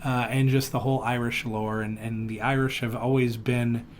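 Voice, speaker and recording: A man hosting a casual podcast, with a pitch that sits in the middle. He talks in an animated, joking way and slips into silly voices now and then. A faint hiss of noise sits behind him. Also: normal speed. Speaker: podcast host. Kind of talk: casual chat.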